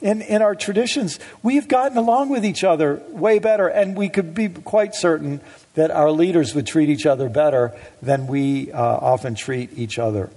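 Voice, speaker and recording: A man's voice: fairly high pitch, normal speed, warm tone. A middle-aged man giving a conversational public talk with anecdotes to an audience in a hall, often hesitant with fillers and restarts, with a wry touch. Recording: long reverb of a hall.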